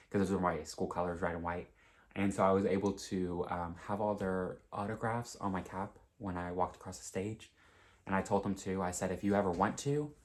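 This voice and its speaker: A young man in his twenties chatting casually with viewers in a home craft vlog, rambling and openly emotional. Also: low voice. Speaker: cross-stitch vlogger. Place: home, indoors.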